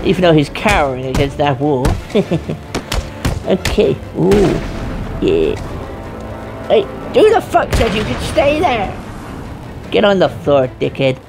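A woman giving loud, profane, playful let's-play commentary. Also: on the low side, very animated, unhurried, pauses often. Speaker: gaming streamer. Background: game music.

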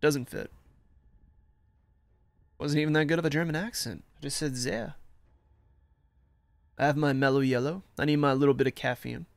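A man's voice: a little high, fairly even intonation, a little fast, pauses often, no room sound. A man streaming a war game, chatting casually with rambling, self-mocking asides and reading the game's text aloud. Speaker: gameplay streamer.

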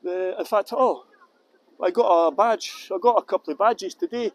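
On a hand-held phone livestream outdoors in the sun, a Scottish tour guide chats casually in a high-pitched voice at a moderate pace. There's a little hiss or hum, and he rambles through viewer questions using fillers.

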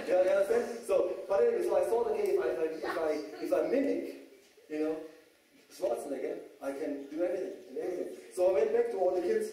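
A man's voice: sits high, a little fast, warm tone. A man from Germany with a German accent, giving a joking public talk to an audience and often checking in with "okay?". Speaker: speaker. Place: talk venue. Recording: echoey hall from far off, faint noise.

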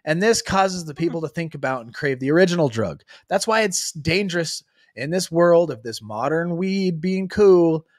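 A man hosting a casual recovery podcast stream, reading passages and explaining them in lively, laughing talk. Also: on the high side, moderate pace, no room sound, studio quality. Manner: animated, laughs often, reads passages then explains.

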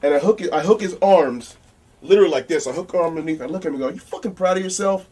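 A man as an interview guest, telling casual anecdotes in an animated, blunt way with some profanity. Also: on the high side, racing, husky, far from the mic.

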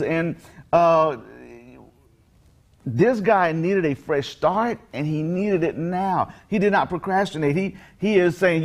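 A man's voice: on the high side, a little slow. A male pastor giving a short daily devotional message, talking in an earnest, conversational way, full of fillers and restarts, with rhythmic emphatic phrasing.

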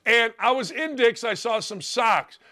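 An older man hosting a sports talk show, ranting bluntly and sarcastically in a voice worn gravelly from yelling. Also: very high-pitched, unhurried. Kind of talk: opinionated sports radio rant.

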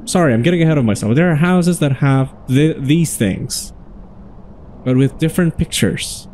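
Mellow-voiced man musing through a game. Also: a little high, normal speed, a little hiss or hum. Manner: musing, chatty, thinks aloud. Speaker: gaming channel host. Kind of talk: casual let's-play commentary.

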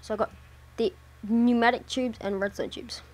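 A woman's voice: on the high side, fairly even intonation, normal speed, background noise. A woman giving casual let's-play commentary, muttering to herself and swearing often as she plays. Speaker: gameplay commentator.

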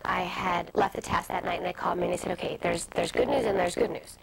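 A woman in her twenties telling stories as an interview guest, fast and animated, with many asides. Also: fairly low pitch, vocal fry. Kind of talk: candid storytelling interview. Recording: noisy early-2000s TV broadcast audio.

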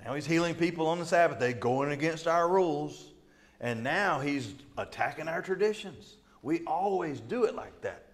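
Animated middle-aged man preaching a sermon. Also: fairly high pitch, moderate pace. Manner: animated, acts out quotes with laughs and asides. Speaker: pastor. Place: church sanctuary.

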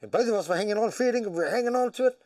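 New boxing trainer and hunter, rapid and high, swears freely, dry distant sound. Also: male voice, no room sound. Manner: animated, tells stories, swears. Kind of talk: casual storytelling.

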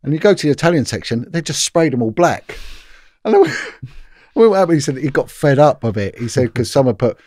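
A man's voice: medium pitch, animated, brisk, mellow, no echo, studio quality. A middle-aged British man, a former police detective telling a long anecdote in a casual interview, with lots of restarts. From Britain.

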